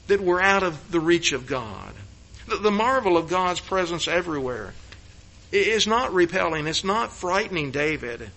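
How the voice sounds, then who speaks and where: A man preaching a sermon on a psalm, with frequent stammered restarts and sudden emphatic rises that fall back to hushed, slower phrases. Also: high voice, rough recording. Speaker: pastor.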